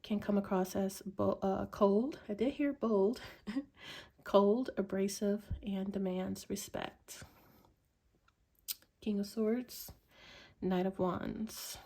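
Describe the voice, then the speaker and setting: Mellow-voiced woman reading tarot. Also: mid-range voice, steady tone, creaky. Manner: slow, musing, with many ums and likes. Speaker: tarot reader.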